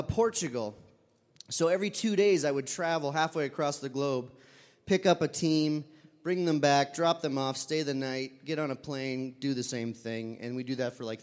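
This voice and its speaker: A man with a somewhat high voice tells a true story from a stage, chatty and loose with plenty of fillers. His voice rings with the long reverb of a hall. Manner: conversational, with fillers and animated quoted voices. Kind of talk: live personal storytelling.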